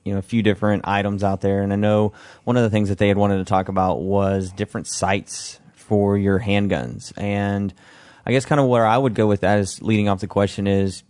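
A man's voice: on the low side, darkish tone, no echo, clean studio sound. A man hosting a podcast in casual chat, teasing his co-host.

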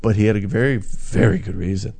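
A man's voice: lowish voice, quick pace, gravelly, darkish tone, slightly rough. A man hosting a podcast, chatting casually and easygoing, with a chuckle here and there. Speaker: podcast host.

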